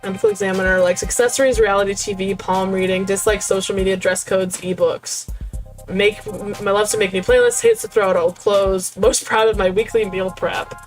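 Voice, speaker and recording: A woman's voice: medium pitch, fairly even intonation, brisk. Giggly woman streamer chatting over gameplay. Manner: giggly, chatty, lots of fillers. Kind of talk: casual gameplay commentary. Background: faint music.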